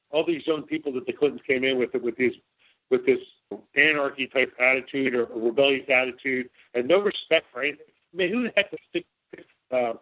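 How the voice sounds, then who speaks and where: In a relaxed interview, a middle-aged man who once served as a White House officer spins meandering anecdotes, playing both parties in every exchange he recounts. His pitch is ordinary, and the sound reaches us through a thin, tinny telephone line.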